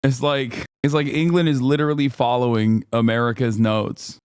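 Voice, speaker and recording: A man's voice: mid-range voice, steady tone, moderate pace, few pauses, darkish tone, clean tone, no room sound. A man reacting on a livestream, ranting with profanity and sarcasm into a close mic. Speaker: streamer reacting to video.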